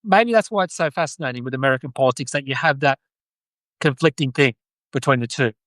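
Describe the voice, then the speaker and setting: A man's voice: medium pitch, quick pace, a bit bright, dry recording. An Australian man hosting a casual live-stream chat, talking in an earnest, rambling way. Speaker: podcast host.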